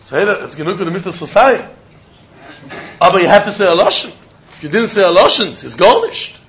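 High-voiced man giving a Talmud class. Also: lively intonation, a little fast, a bit bright, muffled recording, slight background noise. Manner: Yiddish-laced English, chanting question-and-answer. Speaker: Talmud teacher. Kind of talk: Talmud lecture.

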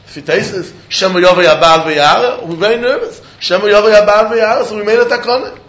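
A man teaching Talmud in a lecture, working through questions and answers in an animated sing-song study chant. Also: sits high, fast. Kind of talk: Talmud lecture in Yeshivish English. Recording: dull echoey room recording.

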